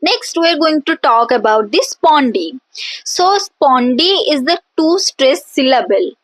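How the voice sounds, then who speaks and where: Female teacher, high voice, slow and deliberate, lots of fillers, dry close recording. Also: expressive, no room sound, poor audio. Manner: drawn-out pronunciation of example words. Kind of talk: explanatory lesson.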